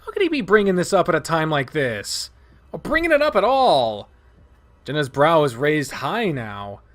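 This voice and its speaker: Expressive man narrating a visual novel. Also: fairly high pitch, moderate pace. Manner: expressive, dramatic read with asides. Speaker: let's player reading a visual novel. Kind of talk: narrating a game aloud.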